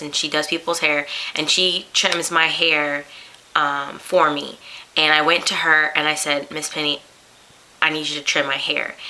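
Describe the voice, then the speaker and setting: Young woman, casual vlog storytelling, bright low-set voice, lots of fillers. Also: low-quality recording. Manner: chatty, animated retelling with many fillers. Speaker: vlogger.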